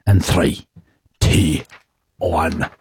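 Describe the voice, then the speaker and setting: An Australian man hosting a radio quiz, reading questions briskly and teasing the players. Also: rumbling low, steady tone, a little mellow, breathy edge, no room sound. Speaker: radio host and quizmaster.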